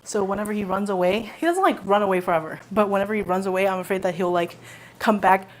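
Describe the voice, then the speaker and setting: A woman's voice: medium pitch, fast, low-quality recording. A woman streamer chatting casually to her audience, rambling, swearing freely and talking to herself. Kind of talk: casual live-stream chat.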